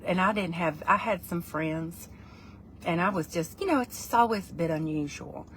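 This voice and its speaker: A woman's voice: on the low side, moderate pace, a bit bright, a little hiss or hum. A middle-aged woman, chatting in a playful, rambling vlog while reviewing food. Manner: playful, rambling, breaks into put-on voices.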